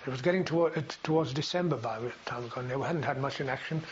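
A man's voice: medium pitch, racing. An older man recounting his memories in an oral history interview, rambling with frequent fillers and restarts. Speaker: veteran interviewee. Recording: dull lo-fi recording with faint hiss.

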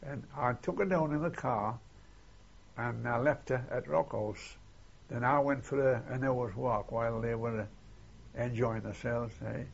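A man's voice: mid-range voice, unhurried, creaky, highs cut off, slight background noise. An older man telling his memories in an oral history interview, in a rambling way, often tagging on "see?" and "eh?". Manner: rambling, keeps adding "see?" and "eh?". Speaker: interviewee recalling war memories.

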